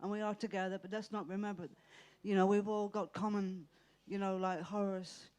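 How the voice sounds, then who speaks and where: A man from Ireland, making an earnest, somewhat halting comment from the audience. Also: sits high, flat delivery, smooth. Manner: earnest, halting, gently reflective. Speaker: audience member.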